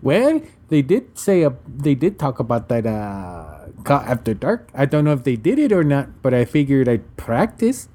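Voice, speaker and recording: A man's voice: medium pitch, big pitch swings, moderate pace, few pauses, warm tone. A man in a listener's recorded message, joking around and rolling his Rs. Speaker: listener sending audio. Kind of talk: casual chat.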